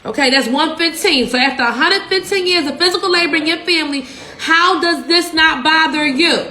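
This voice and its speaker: A young woman in Philadelphia, a social media business coach, delivers a profane, fired-up livestream rant packed with rhetorical questions. Her voice sits high and sounds brisk, pushed and bright. The room is echoey.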